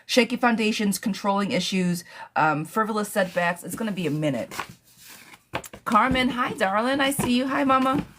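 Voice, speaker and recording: A woman hosting a live tarot stream, chatting casually and affectionately, with many pet names for her viewers and quick, animated bursts of talk. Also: medium pitch, noisy background. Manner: animated, talks fast in bursts, laughs often.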